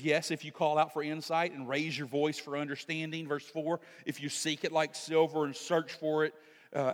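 A pastor preaching a sermon in an animated way, rising to shouts for emphasis. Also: male voice, a little high. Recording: long hall reverb.

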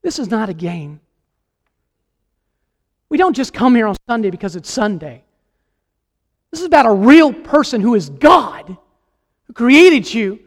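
A man's voice: very high voice, big pitch swings, measured pace, pauses often, big-room sound. A man preaching a sermon as a guest preacher, emphatic and impassioned, putting questions to the congregation. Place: church sanctuary.

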